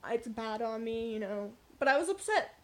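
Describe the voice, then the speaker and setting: A young woman vlogger telling a workplace story in a casual, animated, blunt way. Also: a little high, normal speed. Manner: animated, blunt, frequent swearing and asides.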